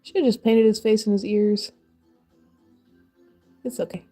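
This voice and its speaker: A woman in her thirties talks casually as she crafts on a live stream. Her voice is mellow and relaxed, and she rambles and laughs often. Faint music plays quietly in the background. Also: medium pitch, unhurried. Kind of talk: casual chat while crafting.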